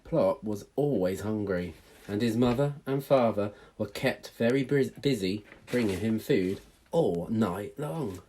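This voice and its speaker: Animated man reading a children's story. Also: fairly low pitch, unhurried. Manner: animated, playful, draws children in. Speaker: teacher.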